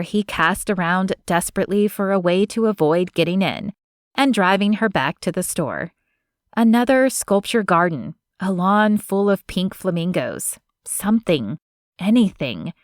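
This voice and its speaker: A woman narrating a romance audiobook in a measured, gentle way, close to a studio mic. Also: medium pitch, animated, no room sound. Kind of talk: scripted narration of a romance novel.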